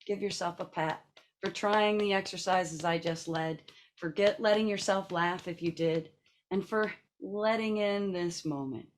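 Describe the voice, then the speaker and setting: A woman's voice: on the low side, fairly even intonation, unhurried, a little hiss or hum. A woman leading a seated laughter and breathing exercise over a video call, coaxing and playful, laughing often. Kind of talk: guided group exercise.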